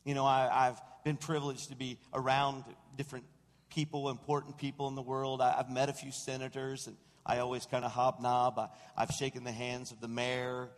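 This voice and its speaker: A male senior pastor delivers a Christmas-season sermon in a storytelling style. He speaks at a middle pitch and gets animated as he acts out other people's lines. His voice rings out with the long reverb of a big sanctuary. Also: brisk. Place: church sanctuary. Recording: long reverb of a large room.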